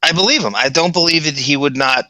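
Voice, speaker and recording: A man's voice: a little high, fast talker, pushed and bright, no echo, poor audio. A man co-hosting a podcast in casual chat, going off on rambling, enthusiastic tangents. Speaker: podcast co-host.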